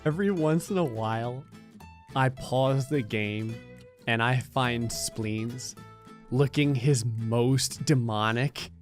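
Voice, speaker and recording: A man giving sarcastic, comedic commentary over a life-sim game, often jumping into silly high voices. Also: takes it slowly, soft background music. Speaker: gaming channel host.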